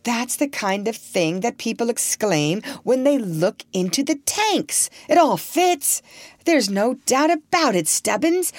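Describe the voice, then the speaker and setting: Woman doing an excitable male doctor. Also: fairly high pitch, no room sound, voice pushed up. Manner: breathless, excited exclamations. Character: excitable male scientist doctor, eager and curious.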